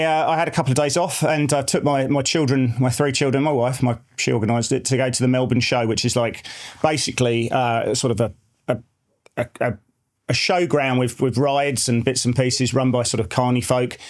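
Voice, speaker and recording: A man in his forties co-hosts a market show in a loose, chatty way. He rambles through stories and analysis, circling back with lots of fillers and restarts. His voice sits at a mid, ordinary pitch. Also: fairly even intonation, brisk. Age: 40s. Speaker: market research head co-hosting a finance show. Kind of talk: casual market chat.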